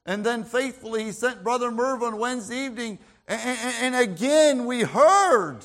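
A man's voice: extremely high pitch, moderate pace, hardly any pauses, a bit bright. A man preaching a sermon in an emphatic, repetitive way, often restarting his words.

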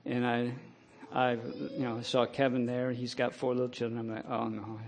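A middle-aged man preaching a sermon, telling a personal story in a plain way and breaking into loud, impassioned scripture quotes. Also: mid-range voice, little pitch movement, moderate pace, vocal fry, slight background noise. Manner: rises to loud impassioned preaching, then drops to quiet storytelling.

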